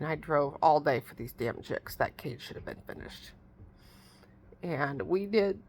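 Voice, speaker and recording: A middle-aged woman tells a long, rambling story to the camera in a casual vlog. Her voice has a gravelly, fry-laden edge, and she talks in a folksy, exasperated way, piling one detail onto the next. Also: on the low side, fairly bright tone. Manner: chatty, rambling, exasperated retelling with a rural folksy way of talking. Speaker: vlogger.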